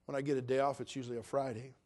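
A man's mid-range, slightly mellow voice races along with little pitch movement. He is a pastor from Cherokee whose sermon is built on folksy storytelling; he stays earnest and plain-spoken while acting out the people he quotes.

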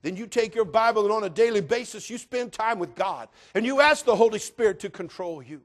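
A middle-aged male pastor preaching a sermon and telling a folksy personal story, dropping low and then rising to shouts. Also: lively intonation, a little fast.

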